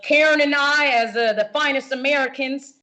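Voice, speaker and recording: A woman's voice: high voice, moderate pace, sharp tone. A woman in an improv comedy sketch playing a corporate executive, filling her talk with ums and uhs. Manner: filler-heavy, corporate.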